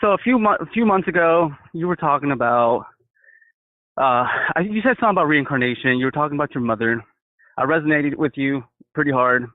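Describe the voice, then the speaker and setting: A man's voice: a little high, brisk, dry recording. A first-time male caller, eager and stammering, calling people "bro" and "dude". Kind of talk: casual phone call. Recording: phone line.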